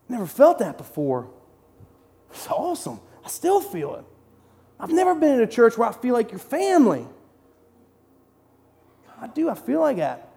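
A man giving an excited, conversational sermon in short punchy phrases as a lay preacher in a church. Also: very high voice. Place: church sanctuary. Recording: long hall reverb.

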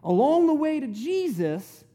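Guy preaching casual sermon, high voice that swings up and down a lot, folksy and punchy. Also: very animated, measured pace, mellow. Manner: folksy, emphatic, retells scripture in plain talk. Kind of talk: conversational sermon.

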